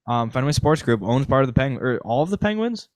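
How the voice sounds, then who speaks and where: A man co-hosting a casual sports podcast, thinking out loud with a rambling, speculative way of talking. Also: medium pitch, sing-song, quick pace, dry recording. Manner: rambling, speculative, many fillers and restarts. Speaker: podcast co-host.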